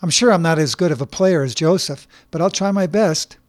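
A man's voice: fairly high pitch, fairly quick, dry recording, studio quality, close to an everyday voice. A man voicing Bobby, a literal-minded robot chess player. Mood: earnest.

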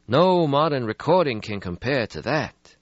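A man voicing a weary, melancholy ancient male vampire in an audiobook, speaking slowly and mournfully. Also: mid-range voice, big pitch swings, no room sound, pitched above the performer's own voice. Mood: nostalgic. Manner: slow, mournful, world-weary. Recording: slightly muffled lo-fi audio.

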